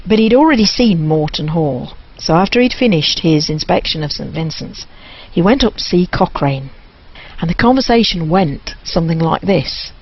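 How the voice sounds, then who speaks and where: A woman telling a local history story and reading passages aloud from a book, with a gentle, amused manner. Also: lowish voice, lively intonation, moderate pace, slightly rough. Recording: muffled lo-fi radio recording.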